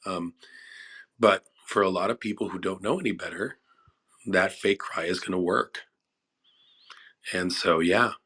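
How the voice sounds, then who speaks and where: A man with a very low voice and a bright, forceful edge talks through his idea at a measured, considered pace. He often repeats himself while gathering his thoughts, in a relaxed group chat over a phone app. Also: breathy edge. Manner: thoughtful, explanatory, repeats words while thinking. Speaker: audience guest speaker. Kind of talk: casual discussion. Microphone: phone app audio chat.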